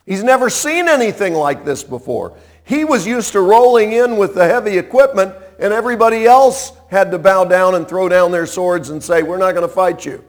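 A man preaching a sermon, retelling a story in a conversational way, with dramatic swings from loud to hushed. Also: sits high, normal speed. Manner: animated, conversational, dramatic shifts in loudness.

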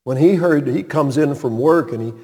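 A man's voice: fairly high pitch, normal speed, mellow, breathy edge. A man preaching a sermon, retelling a story with dramatic emphasis and sudden emphatic peaks. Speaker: pastor. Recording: reverberant hall.

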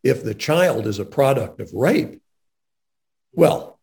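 A man's voice: mid-range voice, animated, slow, creaky, pauses often, a little mellow. A man interviewing a guest in a faith-based conversation, speaking in an earnest, emphatic way.

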